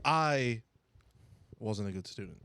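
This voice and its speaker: A young man spins an anecdote on a friends' podcast, his voice swinging lively up and down. He keeps his pitch middling and chats loosely, with lots of "like" and laughs. The sound is close and dry. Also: takes it slowly, clear, resonant tone, no echo. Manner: animated, laughing storyteller full of fillers. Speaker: podcast co-host. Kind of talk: casual storytelling among friends.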